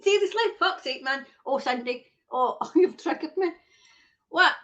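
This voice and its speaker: A woman's voice: high voice, expressive, measured pace, a bit bright. A woman hosting a live stream, ranting bluntly and swearing heavily while reading viewer comments. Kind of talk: casual ranting chat. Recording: dull lo-fi stream audio.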